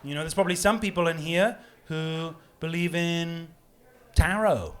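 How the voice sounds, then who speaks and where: A man doing a rambling stand-up comedy set, animated and giggling at his own jokes. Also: fairly high pitch, normal speed, smooth. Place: pub comedy room with live audience. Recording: live audience laughter and applause.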